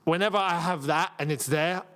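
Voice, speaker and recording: A young man from England hosting a live football watchalong, reacting loudly to the match and chatting with viewers. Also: fairly high pitch, a little fast. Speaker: football channel host. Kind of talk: live watchalong commentary and chat.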